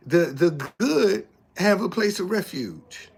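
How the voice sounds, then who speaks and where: A man's voice: high voice, very animated, slow, vocal fry, a little mellow, husky. A man giving preachy casual commentary as an online host, emphatic and repeating his words like a preacher.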